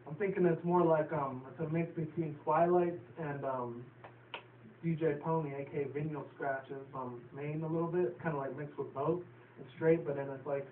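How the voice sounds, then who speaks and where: A man from New York City casually recapping a cartoon episode, rambling with lots of fillers and swearing. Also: on the high side. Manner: profane, filler-heavy, chatty. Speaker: show reviewer. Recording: tinny, roomy, distant, faint hiss.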